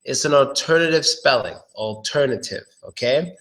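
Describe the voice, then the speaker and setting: A man giving a casual pronunciation lesson, drilling words slowly and chatting between examples. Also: medium pitch, lively intonation, a bit bright. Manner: slow, drawn-out drilling of words, chatty asides. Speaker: pronunciation teacher.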